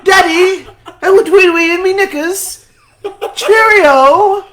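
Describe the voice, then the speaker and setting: A man's voice: very high-pitched, takes it slowly, fairly bright tone, pitched above the performer's own voice, full character voice. A man putting on a whiny, exaggerated mock British accent to mock a male wrestler. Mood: mocking squeal. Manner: squealing, exaggerated mockery.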